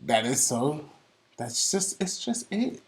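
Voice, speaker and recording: A man from the Caribbean co-hosting a relaxed podcast conversation, his pitch rising and falling expressively. He teases his friend in a calm, dry way, then grows thoughtful when he makes his own point. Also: takes it slowly, a crowd in the background. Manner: teasing, calm, reflective. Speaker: podcast co-host. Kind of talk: casual chat.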